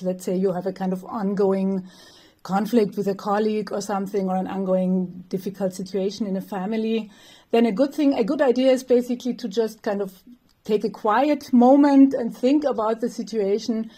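A woman's voice: fairly high pitch, dark tone. A woman professor, answering interview questions thoughtfully, with light laughs and some fillers. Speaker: developmental psychology professor, guest.

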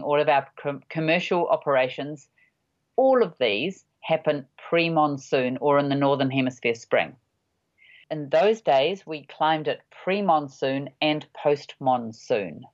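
A woman in her sixties, a mountain guide, giving measured, halting interview answers with many pauses. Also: low-pitched. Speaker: high-altitude mountain guide. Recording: dull lo-fi audio.

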